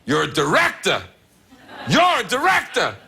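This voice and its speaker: A man's voice: sits high, huge pitch swings, measured pace, creaky, sharp tone, voice pushed up, heavily acted. A man putting on an impression of an intense older male film star who keeps giving emphatic, insistent orders.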